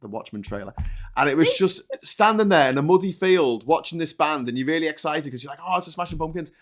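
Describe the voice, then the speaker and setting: A man hosting a casual chat, recalling concerts in a relaxed, wry way. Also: a little high, fairly quick.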